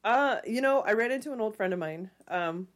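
Co-host, female, mid-pitched, candid wry chat with frequent laughs. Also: lively intonation, brisk. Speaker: podcast co-host. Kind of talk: casual chat.

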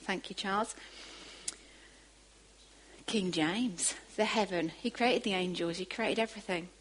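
A woman preaching a sermon, moving from quiet asides to emphatic, rising bursts. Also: medium pitch, measured pace, slight background noise, rough recording.

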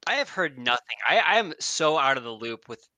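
A firefighter co-hosting a podcast, talking in an easygoing, rambling way. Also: male voice, fairly high pitch, very animated, brisk, bright, forceful tone, lo-fi sound. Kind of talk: casual podcast chat. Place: fire lookout tower.

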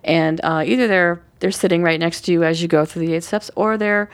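A woman coach calmly explaining her practice in a thoughtful, unhurried conversational way. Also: lowish voice. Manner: gentle, thoughtful, unhurried with frequent fillers. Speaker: forgiveness coach and workshop leader.

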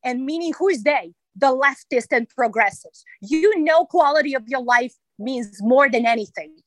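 A woman's voice: high voice, expressive, normal speed, no room sound, poor audio. A woman with a Serbian accent, speaking emphatically and passionately as a guest in a radio interview.

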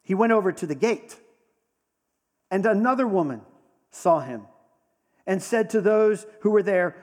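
A man preaching in a slightly high voice, telling the story conversationally and leaning into dramatic pauses. His voice carries a long reverb, as if he is speaking in a large hall. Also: lively intonation. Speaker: pastor. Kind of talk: sermon.

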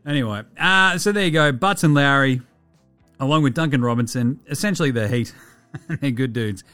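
An Australian man hosting a casual sports podcast, animated, swearing freely and laughing often. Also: mid-range voice, normal speed, clear, resonant tone, dry recording, faint music behind. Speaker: podcast host.

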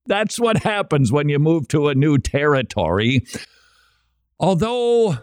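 Sarcastic man from Minnesota, radio host, lively pitch, dry close mic. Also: a little slow, clear, resonant tone, no echo. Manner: animated, sarcastic, laughs often. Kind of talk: opinionated commentary.

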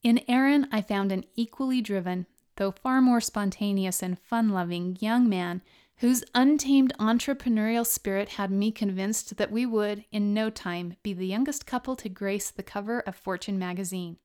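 A woman's voice: mid-range voice, normal speed, a little mellow, smooth. A woman podcast host narrating her own memoir chapter in an earnest storytelling way, then signing off.

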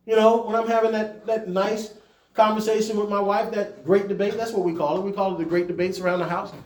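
A male pastor preaching to his leaders in an easy, conversational way, then pushing up into emphatic peaks. His voice sits high, and it rings in a reverberant church room. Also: level tone, a little fast, darkish tone.

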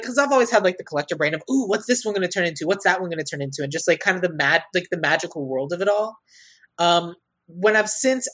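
A woman's voice: low-pitched, fairly bright tone, husky. A woman co-hosting a casual podcast chat, rambling, restarting her sentences and laughing often. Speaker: podcast co-host.

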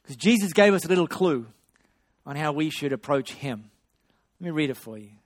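A man preaching a sermon, swinging between loud excitement and hushed storytelling. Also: on the high side, moderate pace. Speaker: pastor.

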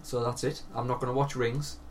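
Telling stories animatedly as a podcast co-host, a young man swears and laughs a great deal in casual conversation. His mid-range voice is brisk yet flat in delivery, and the recording has faint hiss with his voice slightly off-mic.

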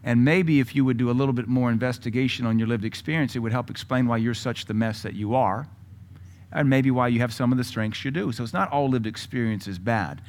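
A man preaching a sermon with a blunt, combative delivery, breaking into loud bursts and mocking asides. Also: medium pitch, fairly quick. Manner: mocking mimicry of other voices. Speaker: pastor.

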